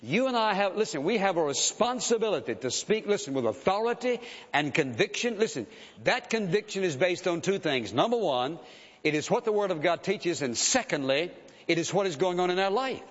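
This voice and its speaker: A man's voice: high-pitched, very animated, a little fast. A male pastor preaching a sermon with conviction, emphatic and insistent, often urging the listeners to listen. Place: church sanctuary. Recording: dull sound, long hall reverb.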